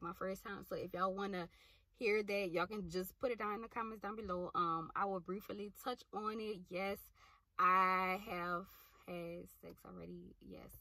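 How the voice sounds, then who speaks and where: A woman's voice: medium pitch, no room sound. A young woman, chatting bluntly and casually to her viewers, swearing freely. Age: young adult. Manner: blunt, profane and animated. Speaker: vlogger. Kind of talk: casual chat.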